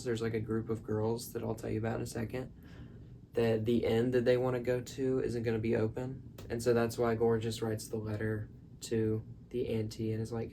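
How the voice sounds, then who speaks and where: A man's voice: medium pitch, dark tone, slight background noise. A man in his bedroom rambling through a film recap, full of "like" and "um". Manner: rambling, filler-heavy, lots of "like". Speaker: vlogger. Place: bedroom at night.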